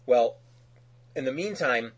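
Husky-voiced man casually recapping a cartoon. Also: mid-range voice, takes it slowly, rough recording. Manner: animated, laughs often, acts out characters' lines; loose, with frequent fillers and restarts. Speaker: podcast co-host. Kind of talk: casual episode recap chat.

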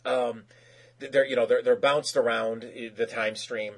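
Husky-voiced man recapping casually. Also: mid-range voice, fairly even intonation, moderate pace. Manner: rambling, lots of fillers and restarts; acts out quoted characters in raised voices.

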